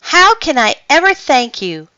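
A woman's voice: sits high, very animated, unhurried, bright, forceful tone, dry recording, highs cut off, voice pushed up, exaggerated voice. Duchess, a genteel mother cat read by a woman. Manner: polite, genteel. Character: elegant refined mother cat.

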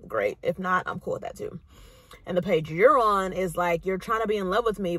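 A young woman vlogs to the camera, telling stories with casual sass and animation and acting out the voices of the people she quotes. Her medium-pitched voice is husky, and the recording is dry.

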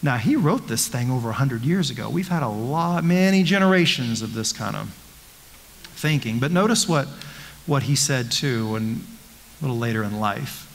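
A male pastor leads a Bible study in a loose, conversational way, stopping to ask rhetorical questions and often restarting his sentences. His voice sits at a middling pitch for a man. The sound rings with the long reverb of a church sanctuary. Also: lively intonation, normal speed, vocal fry.

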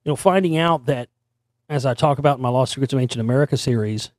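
Hoarse man rambling through a monologue. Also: mid-range voice, fast, no echo, studio quality. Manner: rambling, with many restarts and repeated words. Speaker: host. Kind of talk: monologue to camera.

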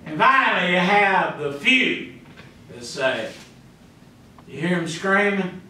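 A Texan pastor delivers a folksy sermon in a high, bright voice and jumps into little acted voices of panicked and hopeful people. The sound is very echoey and comes from a good way off the mic, as if recorded across a church sanctuary, with a faint hiss behind him. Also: male voice, very animated, takes it slowly, far from the mic. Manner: folksy preaching, acts out voices of the congregation.

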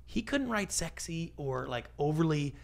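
A man's voice: fairly high pitch, gravelly. A middle-aged man, a guest on an interview show, talking casually and acting out little quoted voices as he tells stories. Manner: animated storyteller, acts out quoted voices, quick asides. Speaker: podcast guest, pitching expert.

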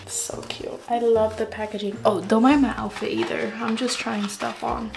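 A young woman vlogger chatting excitedly and gushing over gifts. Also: on the high side, normal speed, gravelly, slight background noise. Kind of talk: casual chat. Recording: echoey room with music.

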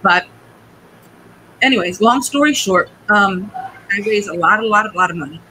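A woman in her forties, a guest telling a personal family story in a rambling, halting way, tearful at times. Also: mid-range voice, animated, pushed and bright, slight background noise, low-quality recording. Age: 40s. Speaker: guest, cigar business owner.

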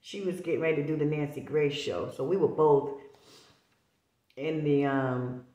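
A woman's voice: low voice, normal speed, mellow, muffled recording. A woman talking straight to camera in a vlog, insistent and preachy, often repeating words to drive a point home. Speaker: vlogger. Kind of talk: emphatic casual talk to camera. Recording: roomy echo.

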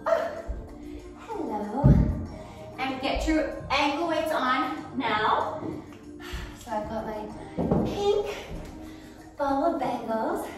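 A woman's voice: high voice, lively intonation, very slow, pauses often. A woman fitness instructor leading an exercise class, counting reps aloud and encouraging, a little out of breath. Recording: echoey room, distant mic, faint music.

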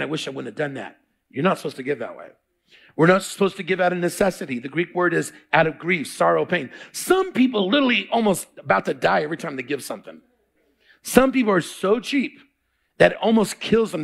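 High gravelly preaching man. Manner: call-and-response preaching, quizzes the congregation. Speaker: pastor. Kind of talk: sermon.

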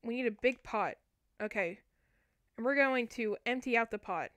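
A young woman chats playfully through a cooking game stream in a fairly high voice. She speaks straight to her viewers while she plays, and a steady noise runs under the recording. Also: normal speed. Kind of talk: casual gameplay commentary.

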